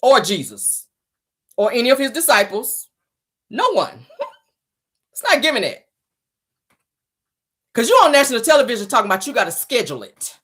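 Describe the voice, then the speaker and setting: A woman's voice: a little high, very animated, moderate pace, long pauses, fairly bright tone, breathy edge. A woman hosting a casual celebrity gossip show, sassy and teasing, laughing often as she reacts to viewer comments. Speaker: show host.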